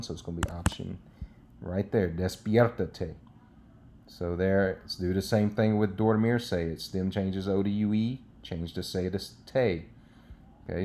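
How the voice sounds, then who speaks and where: A man's voice: low-pitched, dark tone. A man teaching a recorded Spanish lesson, explaining step by step in a patient way with frequent checks like "okay".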